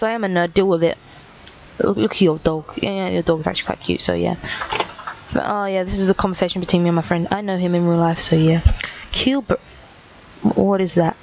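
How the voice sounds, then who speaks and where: A woman's voice: mid-range voice, a little mellow. A teenage girl talks through viewer comments with a sarcastic, self-mocking edge. Her voice sits in an ordinary middle register. The recording sounds dull and lo-fi, with a faint hiss underneath. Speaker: YouTuber. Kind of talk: casual commentary reading comments.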